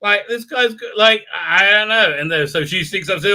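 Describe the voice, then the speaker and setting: A man's voice: sits high, fairly quick, sharp tone. A man hosting a live stream, recapping an episode in a rambling, sarcastic way with many fillers. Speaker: show host.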